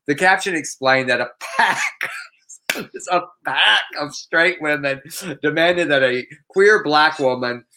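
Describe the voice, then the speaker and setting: A man co-hosting a podcast, retelling a news story in lively casual chat with mock quotes. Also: a little high, takes it slowly. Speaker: podcast co-host.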